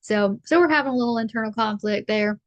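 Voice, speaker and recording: A woman's voice: a little high, quick pace, dry recording, highs cut off. A woman giving a casual collective tarot reading, chatty and rambling, with a playful streak. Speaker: tarot reader.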